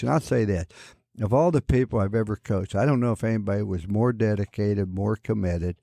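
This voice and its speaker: Older man with a low voice telling stories. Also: brisk, vocal fry, no room sound, studio quality. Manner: animated storyteller, chuckles through his anecdotes. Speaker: football coach, interview guest. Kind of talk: telling stories in a radio interview.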